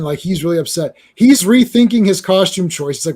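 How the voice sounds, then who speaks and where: High-voiced joking man, casual swearing. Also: expressive, moderate pace, few pauses, darkish tone. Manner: joking, swears casually, mocks characters in quoted lines. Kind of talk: casual comic book chat.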